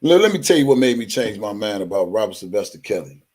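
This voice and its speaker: Very animated and fast-talking, a man with a lowish, slightly mellow voice hosts a live stream. He addresses his viewers directly in a blunt rant full of swearing.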